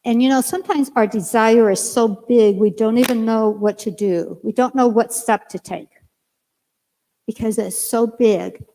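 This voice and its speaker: An older woman minister preaching a sermon in storytelling form, animated and acting out both sides of conversations in a church sanctuary. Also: a little high, a little slow, a little hiss or hum. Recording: long reverb of a church hall.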